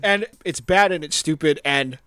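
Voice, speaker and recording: A man's voice: a little high, moderate pace, smooth, no echo, faint music behind. A man co-hosting a podcast in casual chat, telling stories with lots of laughter and acting out quotes. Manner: animated storyteller, acts out quotes, laughs often. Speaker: podcast co-host.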